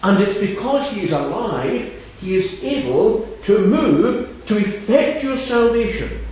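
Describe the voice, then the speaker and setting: A man's voice: high voice, sing-song, unhurried, a little mellow. A man preaching an evangelistic sermon, rising and falling with emphasis and repeating scripture. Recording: echoey hall from far off, dull lo-fi.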